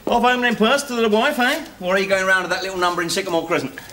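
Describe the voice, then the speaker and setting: A man's voice: high-pitched, fast talker, bright, forceful tone, a little hiss or hum. An actor playing a wisecracking ex-convict father, teasing and sardonic, on old TV sitcom audio. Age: 40s. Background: studio audience laughter.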